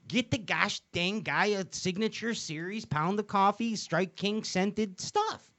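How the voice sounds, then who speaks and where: A man's voice: sits high, a little slow, sharp tone. A man hosting a casual comedy show, rambling and joking with many fillers and restarts. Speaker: show host.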